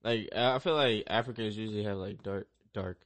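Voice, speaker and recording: A young man co-hosting a podcast, telling animated stories in casual chat and swearing freely. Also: fairly low pitch, fairly quick. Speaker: podcast co-host.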